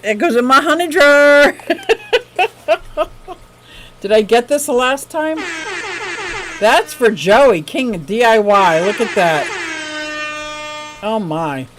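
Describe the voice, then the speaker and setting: A woman hosting a live stream for her aquarium channel, reading viewer tips in casual chat, gushing and excitable, laughing often. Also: a little high, slow, pauses often, over music, rough recording.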